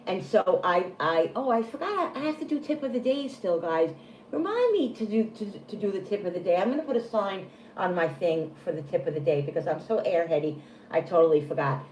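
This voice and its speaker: A woman's voice: fairly low pitch, lively intonation, a little fast, darkish tone, lo-fi sound. Middle-aged woman, livestream host, chatty and self-deprecating, rambling; echoey room. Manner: rambling, self-deprecating, full of restarts, greets viewers by name. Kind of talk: casual livestream chat. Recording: echoey room with faint room noise.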